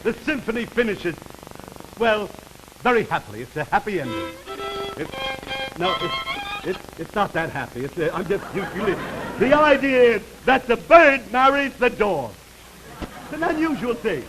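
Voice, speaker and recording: A middle-aged comedian delivers a sponsored pitch as a rambling comic story, interrupting himself and laughing at his own jokes. His voice sits high and is a bit bright, with big pitch swings, normal speed and long pauses. Faint music plays under this noisy vintage 1940s broadcast recording.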